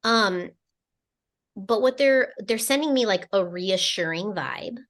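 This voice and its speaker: A woman's voice: mid-range voice, expressive, fairly bright tone. A woman co-hosting a spiritual podcast, relaying channeled messages in a casual, meandering way with lots of fillers and restarts. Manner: slow, meandering delivery with many fillers and restarts.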